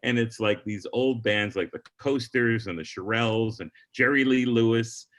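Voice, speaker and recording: A man's voice: medium pitch, moderate pace, fairly bright tone. A middle-aged man, a comedian on a podcast telling a long story and acting out the people in it.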